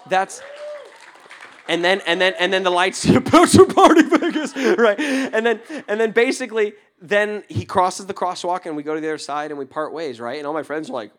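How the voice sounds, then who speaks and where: A young adult man, a pastor, telling a story in a sermon, laughing often and dropping to a hushed tone for tender moments. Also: high voice, expressive, normal speed.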